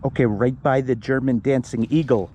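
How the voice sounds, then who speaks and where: A man hosting a metal detecting video, talking casually and excitedly about his finds while out on a field. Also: mid-range voice, normal speed, dull audio, slight background noise. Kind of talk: casual outdoor commentary. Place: outdoors on a field.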